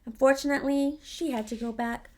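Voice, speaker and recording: A woman's voice: sits high, fairly even intonation, a little fast. A woman vlogger telling a story in a sassy, profane, dramatic way. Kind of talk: casual storytelling.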